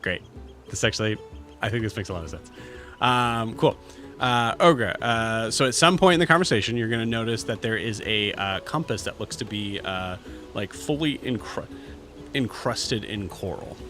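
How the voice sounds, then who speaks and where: A man running a tabletop game as game master, describing items in halting, filler-heavy casual speech. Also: on the low side, expressive, bright, forceful tone, faint music behind.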